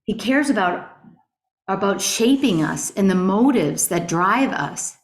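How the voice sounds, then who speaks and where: A middle-aged woman teaching a Bible study class in an earnest, animated way, asking her group rhetorical questions. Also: medium pitch, a little slow. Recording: roomy echo.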